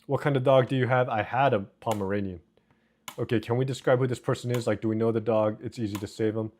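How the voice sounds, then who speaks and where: Man, livestream host, joking banter with chat, mid-pitched voice. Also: fairly even intonation, fast, darkish tone, a little hiss or hum. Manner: joking, reads chat aloud and banters with viewers.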